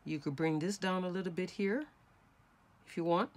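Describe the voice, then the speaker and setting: A woman's voice: lowish voice, moderate pace. Chatty woman demonstrating a craft. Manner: chatty, instructive, talks while working with hands. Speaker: crafting tutorial host. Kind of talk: casual step-by-step craft demonstration.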